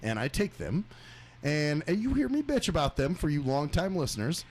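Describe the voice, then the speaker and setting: A man's voice: fairly high pitch, very animated, moderate pace, a little mellow. A man hosting a talk radio show, telling a long story as a crude, profane rant, often laughing and acting out other people's voices.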